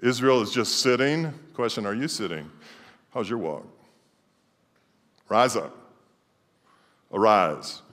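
A middle-aged male pastor preaching a sermon emphatically, swinging between loud declarations and quiet asides. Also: medium pitch. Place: church sanctuary. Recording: long church hall reverb.

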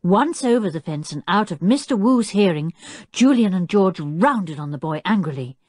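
A woman reading a children's audiobook with expressive, storytelling delivery. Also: moderate pace, dry recording. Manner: expressive storytelling, varied pitch. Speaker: audiobook reader. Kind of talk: audiobook narration.

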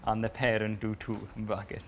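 A young man, a reality show contestant, reading a family letter aloud, halting and stumbling over words. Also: fairly low pitch, little pitch movement, a little hiss or hum. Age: young adult.

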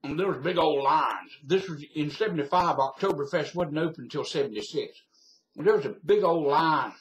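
An older man from Virginia with a Southern accent, rambling casually as he tells a story to his webcam and laughing at his own memories. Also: on the high side. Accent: Southern American (Virginia). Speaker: vlogger telling a story. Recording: echoey room via webcam.

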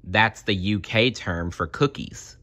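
A storyteller with a lowish voice reads a children's picture book aloud at a slow pace, animated and tossing in short asides for his listeners. There's no room sound.

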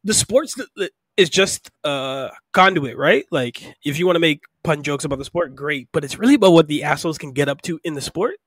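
A man's voice: on the high side, lively intonation, fairly quick, hardly any pauses, fairly bright tone, dry recording, clean studio sound. A man co-hosting a podcast, chatting casually about a comic book, rambling and laughing often. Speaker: podcast co-host.

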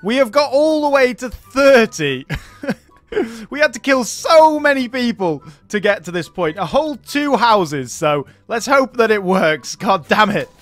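A man's voice: very high-pitched, very animated, unhurried, a bit bright, dry recording, soft background music. A man giving chatty gameplay commentary as he plays, chuckling often between remarks. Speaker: gaming YouTuber.

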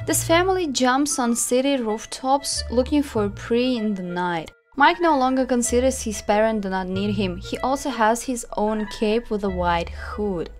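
A woman's voice: on the high side, moderate pace, few pauses, soft background music. A woman who hosts a channel, narrating a story dramatically and chatting with puppets.

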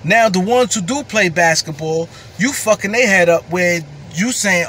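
Young guy ranting mad in AAVE, high voice, cussing a lot, faint car noise behind. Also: moderate pace, bright, forceful tone. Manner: heated, profane, repeats words. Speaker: commentator. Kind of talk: angry ranting vlog.

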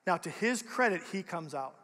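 Young male youth pastor, conversational and lively, high-pitched, recorded in a reverberant auditorium. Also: moderate pace. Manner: casual, animated, conversational preaching. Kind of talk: youth sermon. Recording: long reverb of a large hall.

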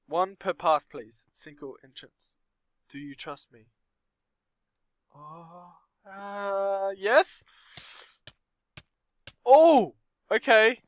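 A man's voice: high voice, very slow, fairly bright tone, smooth, no room sound. A young man commenting on a game, reading story text aloud with nervous asides and startled outbursts. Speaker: gameplay commentator.

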